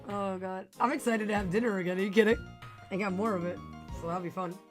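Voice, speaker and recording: Chatty woman with a raspy, worn voice. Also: medium pitch, fairly even intonation, fast talker, soft background music. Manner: chatty, giggly, talks to chat. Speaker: streamer. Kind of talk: casual live-stream chat.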